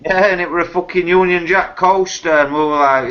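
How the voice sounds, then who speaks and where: A man's voice: a little high, steady tone, brisk, sharp tone. Sweary man, casual chat. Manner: swears constantly, tells stories with acted quotes. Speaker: podcast host. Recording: dull lo-fi recording.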